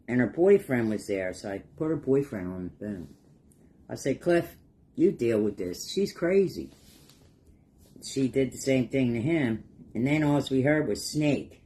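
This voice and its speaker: A man's voice: medium pitch, darkish tone. A middle-aged man telling rambling, folksy stories and chuckling as he paints a craft project for his vlog. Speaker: craft vlogger. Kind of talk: casual storytelling while painting.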